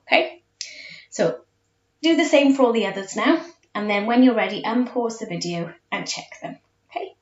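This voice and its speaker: A woman's voice: on the high side, big pitch swings, normal speed. A woman teacher walks her pupils through a video lesson step by step, checking in often. She sounds set back from the mic in an echoey room. The sound is a bit dull. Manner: patient, explains step by step, often checks with okay. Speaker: school Spanish teacher. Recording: echoey, distant, dull classroom recording.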